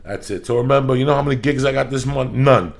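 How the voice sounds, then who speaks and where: Podcast host, male, gravelly, swears constantly in loud comic tirades. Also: medium pitch, fast. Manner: loud, profane, ranting. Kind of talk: profane comedic rant.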